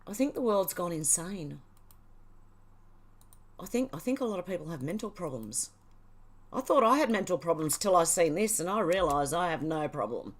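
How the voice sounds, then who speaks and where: A woman's voice: on the low side, sing-song, moderate pace, long pauses. A woman from Australia, casually reading news items aloud and mocking them. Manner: sarcastic, reads headlines aloud and mocks them. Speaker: channel host.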